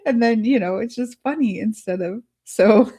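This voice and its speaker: A woman's voice: fairly high pitch, normal speed, mellow, husky. A woman hosting a live tutorial stream, chatting casually with viewers, laughing often and thinking aloud as she works. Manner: thinks aloud while working on screen. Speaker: host of a live art studio stream.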